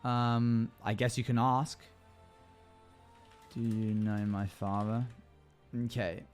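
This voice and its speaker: A man's voice: on the low side, faint music behind. Man running a tabletop game. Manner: slow, deliberate descriptive narration broken by casual asides to chat. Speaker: game master. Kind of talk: narrating a tabletop game on a livestream.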